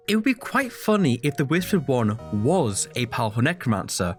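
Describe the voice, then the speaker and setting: A man delivering a scripted critique video, sarcastic and exasperated in tone. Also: mid-range voice. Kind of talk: scripted commentary.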